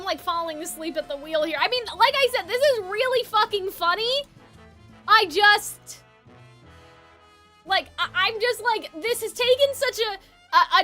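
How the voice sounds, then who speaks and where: A woman streamer giving casual, sardonic gameplay commentary, swearing and dropping to quiet mutters. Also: very high voice.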